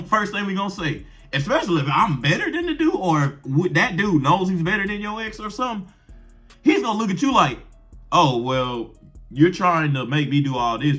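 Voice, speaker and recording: Brash slangy young man with lively pitch. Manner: brash, slangy and profane, with rhetorical questions. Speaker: advice vlogger. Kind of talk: blunt relationship advice to camera.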